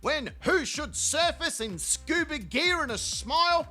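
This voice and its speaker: A man hosting a channel in a crude comedic rant, mocking and profane with rapid-fire tangents. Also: very high voice, lively intonation, bright, forceful tone, faint music behind. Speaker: channel host.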